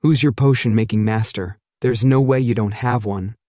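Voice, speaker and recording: A man's voice: mid-range voice, moderate pace, mellow, no echo, studio quality, natural voice. A man voicing a pushy, eager male vice president in a matter-of-fact way.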